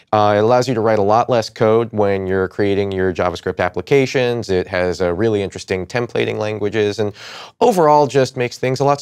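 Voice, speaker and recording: Upbeat joking man on a tech news show; smooth voice, lowish register. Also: no room sound, studio quality. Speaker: co-host.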